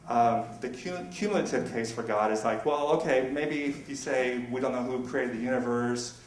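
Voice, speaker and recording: A man makes his debate case in a brisk, argumentative way. His voice sits in the middle range and sounds far from the mic, echoing in a roomy hall. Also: mid-range voice. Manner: argumentative, brisk rhetorical back-and-forth. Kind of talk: public debate presentation. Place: university lecture room. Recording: echoey room recorded from afar.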